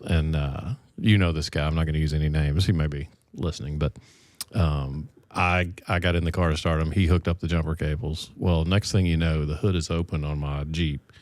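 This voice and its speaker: Deep-voiced man telling stories, dry close sound. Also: dry recording. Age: middle-aged. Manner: relaxed storyteller, folksy and self-deprecating. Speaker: podcast co-host. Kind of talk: casual chat.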